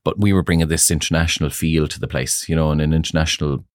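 Man, middle-aged guest, very low voice, dry close sound, chatty storyteller who laughs a lot. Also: fairly even intonation, quick pace, dry recording. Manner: chatty, laughs often, many fillers like "you know". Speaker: salon owner, guest. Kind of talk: casual interview storytelling.

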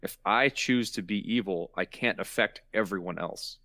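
A man hosting a podcast, talking casually and explaining ideas at length. He stacks up repeated words for emphasis. His voice is on the low side, and it sounds dry and close. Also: normal speed, bright, forceful tone, no room sound. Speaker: podcast host. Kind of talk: casual chat.

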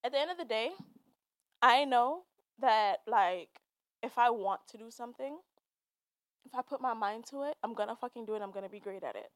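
A young woman with a slightly high voice hosts her own podcast in a loose, unscripted monologue. She swears freely and slips between laughter and tears as she talks. The recording is close and dry, with almost no room sound. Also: animated, normal speed, pauses often, no room sound. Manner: candid, profane, laughing and emotional. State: teary, laughing through tears. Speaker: podcast host. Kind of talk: casual monologue.

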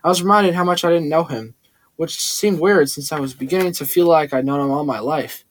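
A man narrating a first-person audiobook in a plain, steady storytelling manner. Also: a little high, fairly quick.

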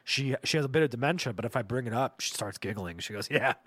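A man's voice: medium pitch, animated, quick pace, fairly bright tone, no room sound. Foul-mouthed man telling stories. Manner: profane, rambling, jokey. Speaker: podcast host. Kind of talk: comedic storytelling monologue.

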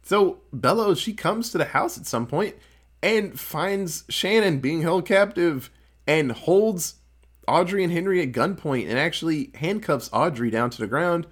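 Animated man recapping a film. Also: on the high side, measured pace, breathy edge. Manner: animated, profane, laughing storyteller. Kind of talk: casual movie recap.

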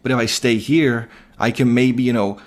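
A man's voice: medium pitch, steady tone, normal speed. A man in his forties with an English accent, hosting a podcast interview in an upbeat, joking way. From England. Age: 40s. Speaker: podcast host.

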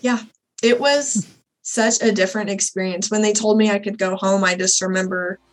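A young woman speaking as a podcast guest, recounting a personal story candidly and with animation. Her voice sits at a middle pitch, and she slips into the voices of the people she quotes. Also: moderate pace, rough recording. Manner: candid, animated retelling, acts out quoted dialogue. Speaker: guest, birth doula.

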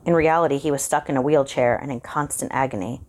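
A woman reading a spooky short story aloud, calmly narrating in the first person. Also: very deep voice, fast.

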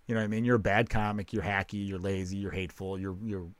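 A man's voice: low-pitched, fairly even intonation, quick pace, clear, resonant tone, dry recording. A man who is a comedian, hosting a casual podcast chat, rambling and swearing as he trips over his own sentences. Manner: rambling, profane, self-interrupting.

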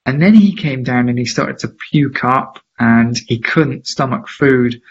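Husky man telling a story. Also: mid-range voice, measured pace. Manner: lively, acts out quoted voices, laughs often. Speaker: interview guest, charity founder. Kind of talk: animated anecdotal storytelling. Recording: slightly dull lo-fi audio.

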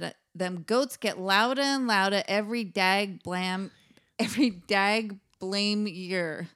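A woman's voice: medium pitch, fairly bright tone. A woman voicing a grumpy older woman neighbor who complains in a folksy drawl, reading a fan script aloud.

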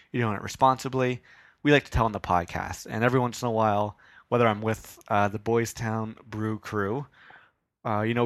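A young man talks through a solo podcast in a loose, rambling way, often poking fun at himself and swearing casually. His voice sits a little low, and the recording is dry and close. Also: a bit bright, dry recording. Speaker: podcast host.

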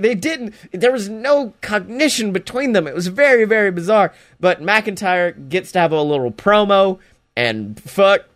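A man's voice: high-pitched, a bit bright. A man casually recapping a wrestling show, profane and sarcastic, often slipping into mocking voices.

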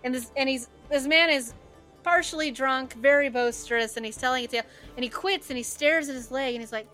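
A woman's voice: high-pitched, brisk, pushed and bright, soft background music. A woman narrating as game master, chatty and loose, full of "like" and "uh".

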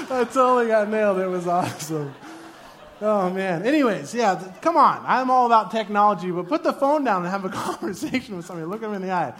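Male pastor, 30s, high and very lively voice, casual, joking sermon delivery. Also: fast. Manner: animated, jokey, acts out quoted arguments in a raised voice.

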